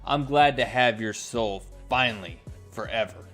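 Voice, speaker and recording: A sly devil lord taunts and mocks in an offhand way, as a man reads his lines aloud. The voice sits at a middle pitch for a man, with faint music behind. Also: measured pace, a bit bright, natural voice. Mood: taunting.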